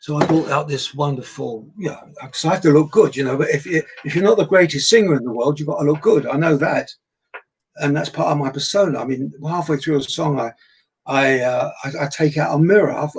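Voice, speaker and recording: Gravelly older man telling stories. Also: a little high, poor audio. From England. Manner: animated storyteller, acts out quoted voices. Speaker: guest entertainer. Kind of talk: anecdotal chat.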